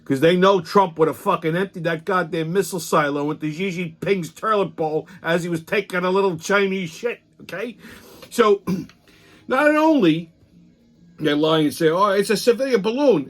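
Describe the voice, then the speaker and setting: A man's voice: high-pitched, moderate pace, fairly bright tone. Profane, heated man ranting. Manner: profane, heated, sarcastic, rambling with restarts. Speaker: host of a weekly political commentary show. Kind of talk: casual ranting commentary.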